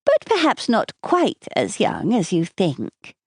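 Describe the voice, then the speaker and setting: A woman's voice: medium pitch, huge pitch swings, slow, breathy edge, no echo, clean studio sound, pitched above the performer's own voice, heavily acted. A woman voicing a charming, teasing husband. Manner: light, playful and affectionate. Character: charming teasing husband, man in his thirties.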